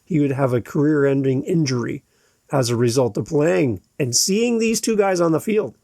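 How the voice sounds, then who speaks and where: Man, podcast host, husky, slightly high voice, lively storytelling, dry sound. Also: normal speed, no echo. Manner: animated storyteller, acts out quoted shouts. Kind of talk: storytelling monologue.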